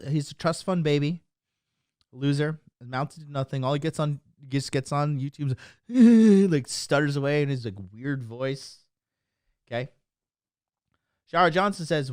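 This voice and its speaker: On a livestream, a dating coach with a fairly high voice rants to his chat in a brash, boastful, mocking way, emphatically punctuating his points with "okay?". The studio-quality audio has no echo.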